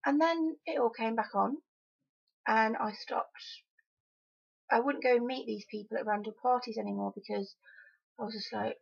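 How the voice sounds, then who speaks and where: A young woman from Wales speaks her mind in a casual vlog, frank and emphatic with an edge of exasperation. Her fairly high voice carries a husky, gravelly fry. The home recording sounds dull and lo-fi. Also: normal speed, long pauses. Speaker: vlogger.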